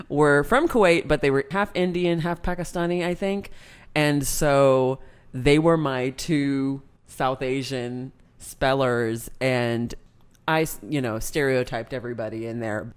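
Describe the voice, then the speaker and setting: A man telling a story in casual chat as a podcast co-host, animated and laughing often. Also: medium pitch, clear, resonant tone.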